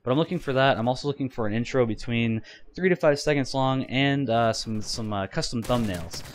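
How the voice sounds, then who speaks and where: A man's voice: medium pitch, a little fast. A man in his twenties talking casually to viewers in a rambling vlog, with lots of fillers and restarts. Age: 20s. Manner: rambling, many fillers and restarts, laughs often. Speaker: gaming YouTuber. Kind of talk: casual vlog talk over gameplay.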